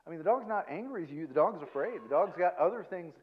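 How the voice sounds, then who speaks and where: A man giving a conversational seminar talk as a guest counselor, self-deprecating and tagging his points with quick check-ins to the audience. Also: on the high side, animated, phone-quality sound. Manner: chatty, self-deprecating, peppers points with "okay?" and "right?".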